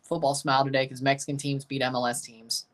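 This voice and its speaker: A man's voice: mid-range voice, level tone, quick pace, fairly bright tone. A man hosting a live match watchalong, chatting casually and answering viewer comments as he reads them. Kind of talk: casual live reaction chat.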